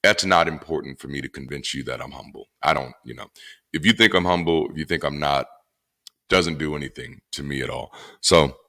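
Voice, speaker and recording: A former pastor in a casual monologue, speaking bluntly and profanely with animated emphasis. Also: male voice, a bass voice, a little fast, creaky. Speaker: former pastor turned atheist commentator.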